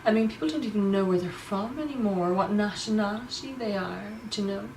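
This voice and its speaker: A woman's voice: mid-range voice, a little fast, a little mellow, lightly acted. A woman playing a smug, rambling vlogger. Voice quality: rambling, smug, says "do you know" constantly. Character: self-absorbed young woman artist vlogger. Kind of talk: comedy monologue to camera. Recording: roomy, distant mic, faint hum.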